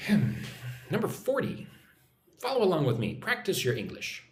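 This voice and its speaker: A man's voice: on the high side, huge pitch swings, normal speed. A man leads a live-streamed English lesson, his voice rising and falling a lot as he reads chat messages aloud and checks in with "right?". He is recorded in an echoey room with faint background noise. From United States. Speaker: online English teacher. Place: room in Vietnam.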